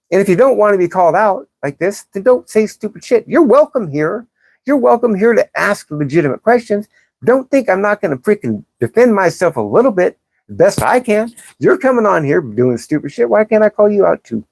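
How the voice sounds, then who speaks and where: A woman's voice: fairly low pitch, big pitch swings, normal speed, vocal fry, darkish tone, no room sound. A woman hosting a livestream, reading chat comments and answering them in a blunt, profane, sarcastic way. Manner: combative, sarcastic, calls out commenters. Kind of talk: live-stream commentary.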